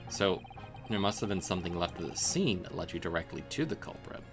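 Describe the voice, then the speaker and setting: A man's voice: low voice, lively intonation, a little fast, gravelly. A man voicing a hesitant, worried young male defense lawyer in a voice close to his own. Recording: game music playing behind.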